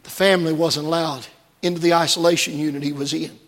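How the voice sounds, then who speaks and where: A man preaching a sermon from the pulpit, moving between quiet storytelling and shouted, fervent peaks. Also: a little high, flat delivery, fast, big-room sound. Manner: preaching that swings from hushed storytelling to shouted climaxes. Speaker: pastor. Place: church sanctuary.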